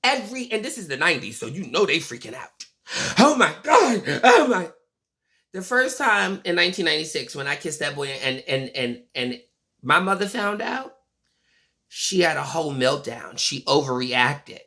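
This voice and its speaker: A person in their forties vlogging a casual, blunt and profane monologue, telling stories in an animated way. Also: medium pitch, moderate pace. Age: 40s.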